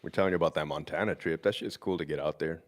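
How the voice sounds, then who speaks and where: A man's voice: extremely low pitch, very fast. A man in his thirties, a podcast co-host in casual chat, joking, swearing freely and laughing a lot. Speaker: army veteran podcast co-host.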